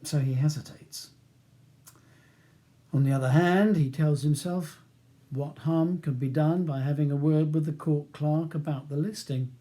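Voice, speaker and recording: A man reading his own novel aloud as an audiobook, in a measured, even narration. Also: a little high.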